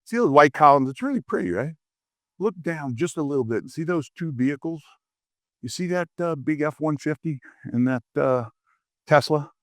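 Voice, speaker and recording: A middle-aged man from Louisiana giving a humorous leadership keynote, a lively storyteller who acts out quoted voices. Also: on the high side, normal speed, dry recording, studio quality. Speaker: keynote speaker. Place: conference stage.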